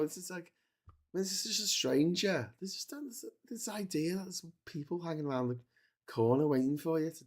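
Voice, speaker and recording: A man hosting a long solo livestream, telling travel stories in a rambling way with many restarts while he is losing his voice. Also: a little high. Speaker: livestream host. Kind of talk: casual travel storytelling. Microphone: streaming setup.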